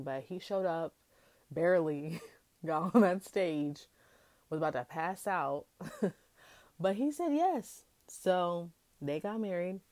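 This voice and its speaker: A young woman hosting a podcast, recapping a reality show in a chatty, animated way and acting out quotes from the cast. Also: on the low side, no echo. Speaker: podcast host. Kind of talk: casual recap chat.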